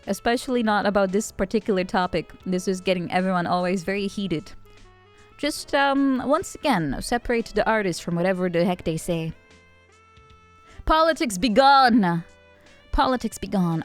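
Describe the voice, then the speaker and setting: A young woman from the Netherlands, chatting playfully with her stream chat and often jumping into high squeals. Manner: playful, animated, jumps to squeals. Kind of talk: casual chat with chat.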